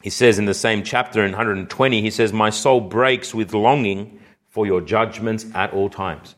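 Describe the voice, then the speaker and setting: A man preaching a sermon, speaking slowly and earnestly, with his voice rising whenever he quotes scripture. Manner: earnest, rising in pitch and intensity when quoting scripture; slow, deliberate phrasing with repeated restarts.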